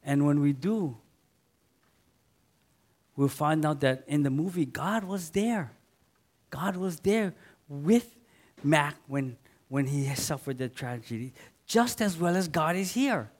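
A man preaching a sermon in an earnest way, rising to loud emphatic readings and dropping to soft asides. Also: on the high side, animated, slow, pauses often.

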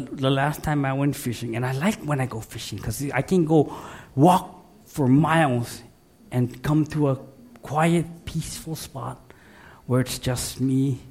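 A man's voice: medium pitch, gravelly, a little mellow, breathy edge. A man preaching a sermon in a folksy, conversational way, speaking directly to his congregation. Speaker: pastor.

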